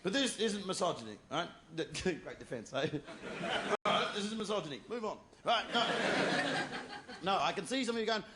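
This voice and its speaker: A man's voice: high-pitched, big pitch swings, moderate pace, heavy background noise. An Australian man doing a crude, mocking stand-up routine and teasing the crowd. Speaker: stand-up comedian. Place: comedy venue with live audience. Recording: echoey live venue, loud crowd laughter.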